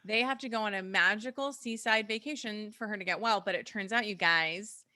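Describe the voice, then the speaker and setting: Bright chatty woman podcast co-host. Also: medium pitch, a little fast, hardly any pauses, dry recording, studio quality. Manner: chatty, rambling, laughs often. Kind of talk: casual chat.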